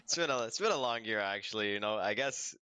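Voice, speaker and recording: Man, podcast guest. Easygoing, smooth tone, dry sound. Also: on the low side, animated, fast, bright, forceful tone, dry recording. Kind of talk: casual podcast chat.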